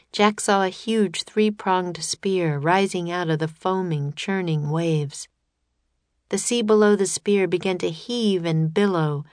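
Woman reading a kids story, lowish voice, super dry close sound. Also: darkish tone, no room sound. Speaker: audiobook narrator. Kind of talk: scripted narration.

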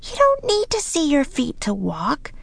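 Woman doing a high bold little girl. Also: wildly swooping pitch, a little slow, creaky, fairly bright tone, exaggerated voice. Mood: urging. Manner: eager, urging, often whispering. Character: brave bossy young girl.

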